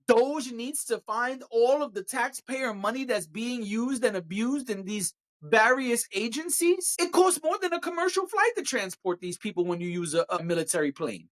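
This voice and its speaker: A man's voice: high-pitched, a bit bright. A man hosting a solo podcast rant, sarcastic and exasperated, swearing freely and firing off rhetorical questions. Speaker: podcast host.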